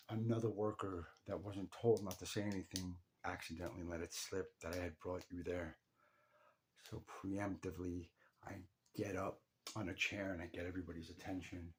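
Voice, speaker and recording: A man's voice: deep voice, a little mellow, slight background noise. A young man speaking directly to his late father, telling a raw, emotional story of his parents' funeral and swearing freely. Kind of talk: emotional personal monologue.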